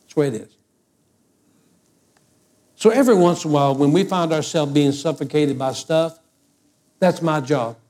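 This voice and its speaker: A man preaching a sermon as pastor, emphatic and urging, building to loud exhortations. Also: on the high side, normal speed, pauses often.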